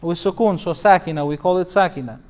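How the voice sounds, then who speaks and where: A male imam with a high, clear, resonant voice leads a recitation class. He explains each rule patiently, repeats the verses, and asks his students for examples. He often slips into a melodic chant. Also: quick pace. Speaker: imam teaching Quran recitation. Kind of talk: classroom teaching.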